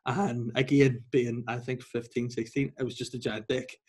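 A young man with a husky, slightly breathy voice, telling a story in an easy chat. He talks in an animated way, laughing and acting out other people's voices. He sits at a middle pitch for a man. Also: normal speed. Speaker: podcast co-host.

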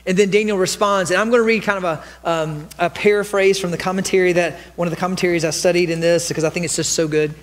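A man with a high voice preaches a sermon in a church. He tells the story with animated storytelling and acts out the quoted lines himself. Long reverb from the hall trails behind his voice. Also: quick pace, hardly any pauses. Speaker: pastor. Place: church sanctuary.

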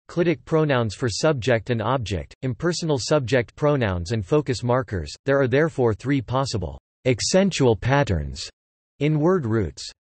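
Male text-to-speech narrator, mid pitch, flat machine reading of reference text, bone-dry close sound. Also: husky, dry recording. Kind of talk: synthetic encyclopedia narration. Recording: dry, close synthetic audio.

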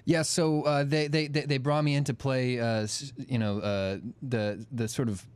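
A man's voice: medium pitch, steady tone, normal speed, smooth, no echo, close to an everyday voice. A man playing a wrestler guest on a talk show, earnest and hesitant, full of fillers. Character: male wrestler guest explaining his character.

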